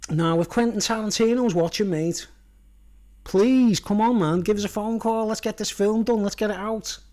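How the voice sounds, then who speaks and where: A man's voice: high voice, a little mellow. Rambling, chuckling man. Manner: rambling, laughing at his own jokes, constant "you know what I mean". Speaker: vlogger. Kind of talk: casual rambling monologue.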